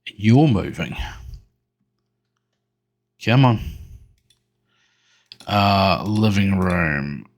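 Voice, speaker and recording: Guy playing a game alone, low gravelly voice, slow muttering commentary. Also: lively intonation. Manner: mutters to himself, talks to the game. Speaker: gaming video creator. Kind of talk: solo gameplay commentary.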